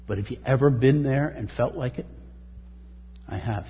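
A man's voice: medium pitch, normal speed, big-room sound, muffled recording, a little hiss or hum. A man preaching a sermon, earnestly reading scripture aloud and lifting his voice on the quoted verses. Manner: earnest, reads scripture aloud with rising emphasis. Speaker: pastor.

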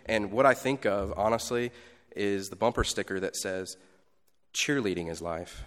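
A pastor giving a sermon in a conversational style, moving between loud emphasis and quiet asides. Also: male voice, fairly low pitch, moderate pace, long reverb tail.

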